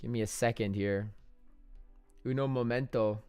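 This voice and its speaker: Man, young adult, live-stream trading host, casual and joking, clear voice, soft music behind. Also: medium pitch, steady tone, normal speed, no echo. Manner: chatty, joking, self-deprecating.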